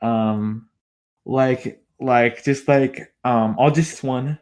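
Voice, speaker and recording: Rambling man, podcast co-host, mid-pitched voice, casual chat, lots of filler words. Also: steady tone, extremely slow, a little mellow, smooth.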